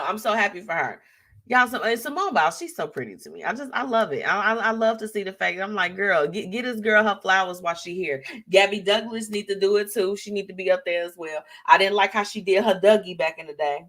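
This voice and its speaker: A woman hosting a live show, chatting casually, reading out viewer comments and laughing often. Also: fairly quick. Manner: animated, laughing, swinging pitch, slangy asides. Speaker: host.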